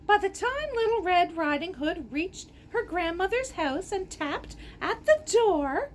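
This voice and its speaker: High, animated woman reading a fairy tale. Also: measured pace, a little hiss or hum. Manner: animated, gasping and adding playful asides. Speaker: storyteller.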